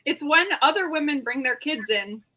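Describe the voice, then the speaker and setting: A woman with a high, bright voice co-hosts a relaxed livestream chat over a video call. She talks in a chatty, giggly way and often restarts her sentences. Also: moderate pace, poor audio. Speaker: co-host.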